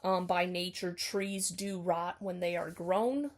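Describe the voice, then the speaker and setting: A student, a woman, casually explains her reading of a poem, sounding tentative, saying "um" a lot, and often hedging or correcting herself. Her voice is on the low side, with fairly even intonation and a slow pace.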